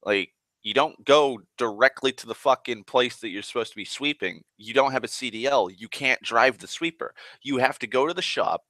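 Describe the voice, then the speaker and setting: A man's voice: medium pitch, sharp tone, dry recording. A man ranting in a profane, exasperated monologue about his morning. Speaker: vlogger. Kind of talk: angry rambling monologue.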